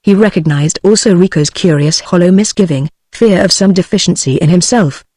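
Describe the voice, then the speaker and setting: A text-to-speech woman's voice with a British English accent, reading a novel aloud in an even, measured way. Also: fairly low pitch, no echo. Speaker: narrator. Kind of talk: synthetic audiobook narration.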